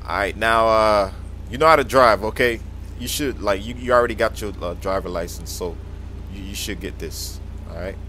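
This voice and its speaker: A man playing a nervous dad in a game role-play skit who stammers and yells in panic. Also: lowish voice, moderate pace, a little hiss or hum.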